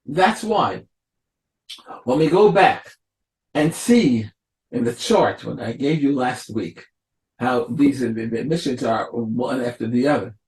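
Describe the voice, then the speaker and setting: A man, a rabbi, giving a Torah lecture, explaining slowly and acting out the quotes of biblical figures. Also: mid-range voice, animated, a little mellow. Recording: echoey room.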